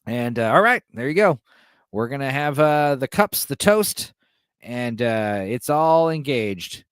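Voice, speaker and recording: A man's voice: medium pitch, sing-song, unhurried, clear, resonant tone, no room sound, clean studio sound. A man hosting a podcast, retelling a film's plot in a casual, irreverent, joking way. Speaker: podcast host. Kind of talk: casual film recap.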